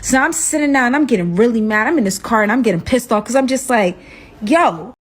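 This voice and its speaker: A woman telling a personal story in a casual storytime, animated and dramatic, with rhetorical asides to her listeners. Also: a little high, fast talker.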